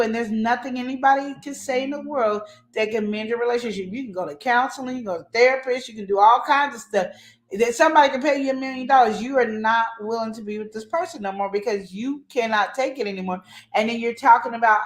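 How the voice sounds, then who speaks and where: A woman's voice: on the high side, quick pace. A woman hosting a relationship advice show, talking emphatically and acting out the voices of the people she quotes. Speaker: host. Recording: echoey room.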